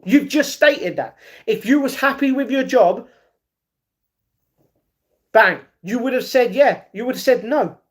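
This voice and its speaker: High-voiced man on a chatty livestream. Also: unhurried, long pauses. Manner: reads viewers' chat aloud and argues back; excited ringside-style reactions to a fight he is watching. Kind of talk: casual livestream chat.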